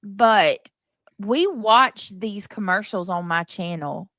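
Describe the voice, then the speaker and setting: A woman's voice: medium pitch, slow pace, fairly bright tone, dry recording. A woman hosting a casual live stream, defensive and exasperated, repeating herself and restarting sentences as she answers her chat.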